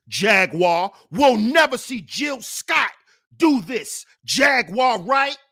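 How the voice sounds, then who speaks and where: A man with a lively pitch speaks slowly and preachily as a channel host and commentator. He gives heated commentary on a clip he's played, emphatic throughout, repeating lines and mocking them.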